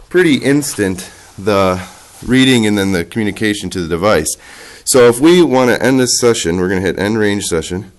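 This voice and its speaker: A man in his thirties with a nasal, cold-stuffed voice, demonstrating a product casually and haltingly as he works the device. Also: sits low. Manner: halting, talks while operating a device.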